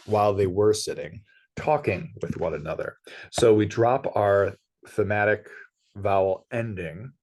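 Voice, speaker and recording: A man's voice: on the low side, darkish tone. A man teaching ancient Greek, working methodically through a grammar exercise and correcting himself as he goes. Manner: methodical, explanatory, self-correcting.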